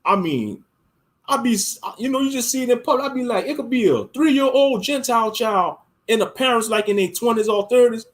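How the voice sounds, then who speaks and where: A man from the United States giving a casual, rambling rant as an online commentator, emphatic and slangy, swinging from loud outbursts to low mutters. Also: lively intonation, fairly quick.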